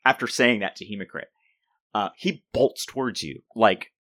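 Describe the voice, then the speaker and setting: A man's voice: fairly low pitch, fairly bright tone, dry recording, studio quality. A man running a tabletop role-playing game as game master, narrating the action with frequent restarts. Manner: halting, restarts often while describing.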